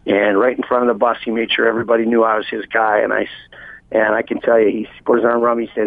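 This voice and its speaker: A man's voice: lowish voice, level tone, fast talker, dry recording. A man on a phone interview, telling a long, heartfelt personal story in a rambling way with many restarts. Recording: tinny dry phone line.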